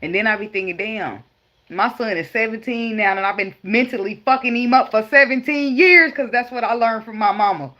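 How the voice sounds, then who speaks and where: A woman's voice: a little high, fairly quick, dull audio. A woman, talking bluntly and profanely about parenting while giving a casual tarot reading. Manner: blunt, profane, laughing, animated storytelling. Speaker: tarot reader. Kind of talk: casual spiritual advice vlog.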